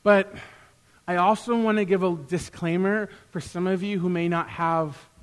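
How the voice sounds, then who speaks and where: High-voiced animated male preacher. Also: moderate pace, clean tone. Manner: animated, acts out quoted exchanges with rising loudness. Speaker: pastor; youth worker. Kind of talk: sermon. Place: church.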